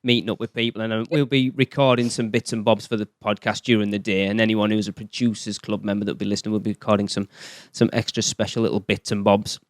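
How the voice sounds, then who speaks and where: Chatty northern English podcast host. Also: male voice, lowish voice, little pitch movement, fast talker, few pauses, no echo, clean studio sound. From northern England. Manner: chatty, jokey, self-deprecating. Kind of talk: casual chat.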